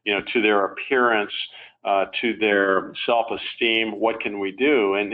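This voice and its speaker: A man talks in a loose, rambling way, full of fillers. He is a guest being interviewed. His voice comes over a thin, narrow-band phone line. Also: fairly low pitch. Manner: relaxed, rambling, many fillers. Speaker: interview guest, former company executive. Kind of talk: casual conversational interview.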